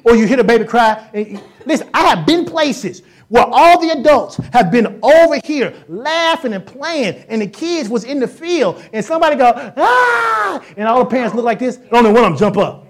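Joking, lively woman preaching a sermon. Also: on the high side, brisk. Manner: lively, joking, acts out voices and sounds; casual colloquial speech with repetitions.

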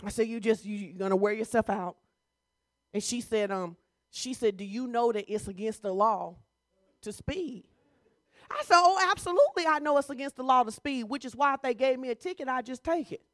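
In a sermon, a woman pastor preaches in a loose, conversational way, teasing her congregation. Her fairly high voice is brisk with lively intonation, recorded close and dry with no room sound.

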